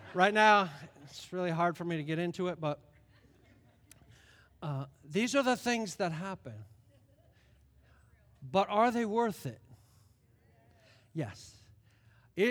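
High-voiced preacher in a reverberant hall. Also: male voice, a little slow, pauses often. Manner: animated storytelling, swings loud and soft. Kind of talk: sermon.

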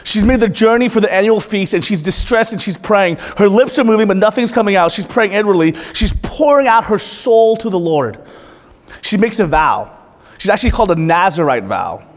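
A man's voice: high-pitched, animated, moderate pace. A male pastor preaching a sermon in a church, earnest and direct, often putting questions to the congregation. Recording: reverberant church hall.

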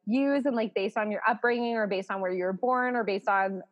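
A woman's voice: medium pitch, brisk, muffled recording. A woman hosting a podcast in a casual chat, bubbly and laughing often, swearing freely and saying "like" a lot. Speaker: podcast host.

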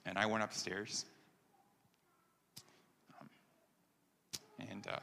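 A man's voice: fairly low pitch, normal speed, long pauses, sharp tone. A man from upstate New York preaching a testimony sermon, earnest and conversational, with many ums, building to emphatic points. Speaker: pastor. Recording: long hall reverb.

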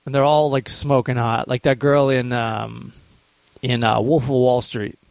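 A man's voice: mid-range voice, level tone, unhurried, gravelly, a little mellow, no room sound. Laughing, swearing man on a dull call. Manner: swears freely, laughs often. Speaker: podcast host. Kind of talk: casual chat.

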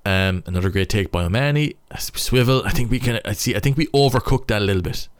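A man's voice: lowish voice, quick pace, smooth, no room sound. A young Irish man, a rugby player, casually breaking down match footage, thinking aloud in stop-start phrases.

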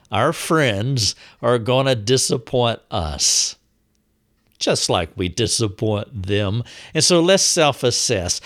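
Slow, lively-pitched man teaching on a podcast. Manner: measured, reflective, poses questions to listeners. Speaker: podcast host teaching on faith.

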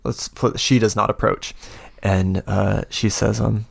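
A man narrating as game master of a tabletop game, halting and full of fillers. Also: lowish voice, little pitch movement, creaky, slightly rough.

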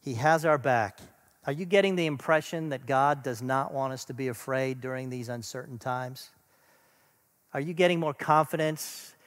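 A middle-aged man preaching a sermon, earnest, building to emphatic lists and then dropping to a soft, quiet close. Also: fairly high pitch, in a large hall. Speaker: pastor.

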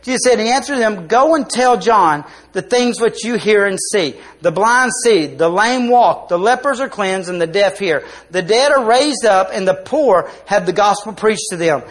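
A man preaching a church sermon, swinging between loud, rising appeals and quiet, lowered asides. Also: a little slow. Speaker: pastor. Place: church sanctuary.

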